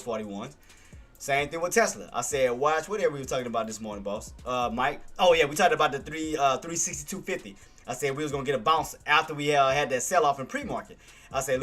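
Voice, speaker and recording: Male trading streamer, casual recap, bright and forceful, light music bed. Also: on the high side. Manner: excited, repetitive shout-outs to viewers.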